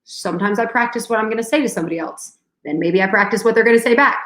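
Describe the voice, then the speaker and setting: A woman's voice: a little high, very fast, a bit bright. Chatty woman in an echoey room. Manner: chatty storyteller, acts out dialogue. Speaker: co-host. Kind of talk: casual chat.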